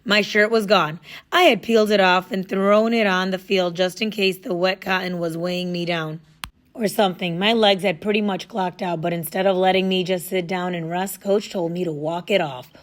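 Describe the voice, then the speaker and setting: A woman reading a first-person story aloud in a casual, lively storytelling manner. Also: on the low side, moderate pace. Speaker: audiobook narrator.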